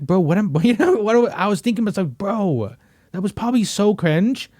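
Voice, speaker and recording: A man's voice: high-pitched, animated, brisk, a little mellow, no room sound, clean studio sound. A young man hosting a podcast, chatting casually in a slangy, rambling way full of "bro" and "you know what I mean". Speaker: podcast host. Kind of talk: casual chat.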